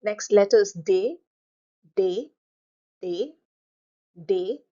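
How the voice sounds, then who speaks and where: A woman teaching a French class, explaining each point and repeating words slowly for students to copy. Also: mid-range voice, dark tone, muffled recording. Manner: slow, drawn-out repetition of words. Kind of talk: classroom lesson.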